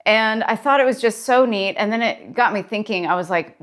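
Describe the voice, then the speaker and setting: A woman's voice: mid-range voice, fairly quick, a bit bright. A woman therapist talking in a casual daily vlog, chatty and encouraging as she tells a story, wearing a personal mic.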